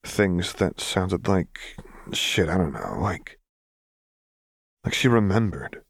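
A man reading aloud voices a blunt young woman brawler who talks haltingly and swears often. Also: low-pitched, big pitch swings, gravelly, slightly rough, no echo, studio quality, full character voice. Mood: anxious. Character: rough-edged young woman brawler, guarded and emotional.

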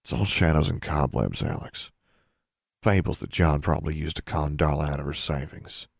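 A man's voice: very deep voice, moderate pace, gravelly, dry recording, studio quality, heavily acted. A man voicing a proud, protective teenage boy who sounds weary and earnest in a storybook reading.

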